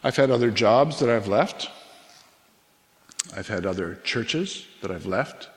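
A middle-aged man preaching a sermon as a pastor, earnest and conversational, with pauses and restarts. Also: fairly low pitch, lively intonation. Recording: long reverb of a hall.

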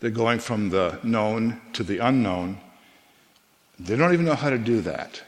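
Man preaching in a reverberant hall. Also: lowish voice. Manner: earnest, conversational preaching with pauses and restarts. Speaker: pastor. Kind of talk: sermon.

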